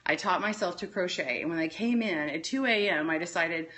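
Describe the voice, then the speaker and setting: Texas lady rambling thru a story on a phone livestream, bright and punchy. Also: on the low side, fairly quick. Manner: rambling, tangent-prone storytelling. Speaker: interview guest. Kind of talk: casual chat.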